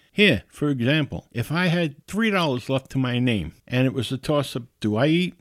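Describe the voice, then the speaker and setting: A man's voice: mid-range voice, normal speed, dry recording, studio quality. Earnest middle-aged man telling a story. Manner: earnest, conversational, animated in quoted exchanges. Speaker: podcast host. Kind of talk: casual storytelling monologue.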